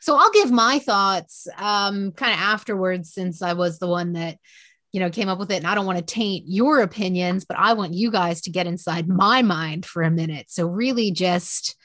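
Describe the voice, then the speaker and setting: A woman's voice: lowish voice, normal speed, fairly bright tone, no room sound. A young adult woman chatting loosely on a podcast, rambling and self-mocking, with false starts. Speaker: podcast co-host. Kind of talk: casual podcast chat.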